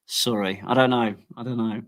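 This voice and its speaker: A man's voice: mid-range voice, fairly even intonation, moderate pace, fairly bright tone. A man with an English accent, a guest chatting casually on a livestream, laughing often and restarting his sentences. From England. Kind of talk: casual chat.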